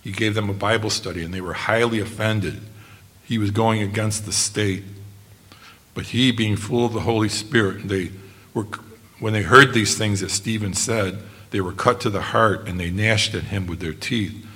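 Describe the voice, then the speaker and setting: An earnest male preacher delivers a sermon in a low voice. His delivery is measured, and he slows down deliberately for quotations. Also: bright, forceful tone.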